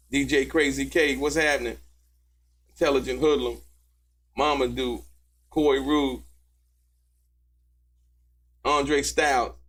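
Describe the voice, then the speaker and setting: A man hosting a commentary show, talking emphatically and in slang about courtroom testimony and calling out to his viewers. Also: medium pitch. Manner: animated, emphatic and slangy, calls out to viewers by name. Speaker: host and commentator. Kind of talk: commentary on trial testimony to a live audience.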